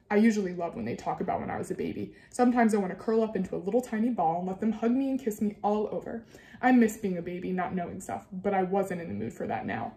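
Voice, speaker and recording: Warm, mellow woman reading a children's book. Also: a little fast, roomy sound, slight background noise. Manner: gives characters livelier, higher voices. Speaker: teacher reading aloud. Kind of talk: reading a children's novel aloud.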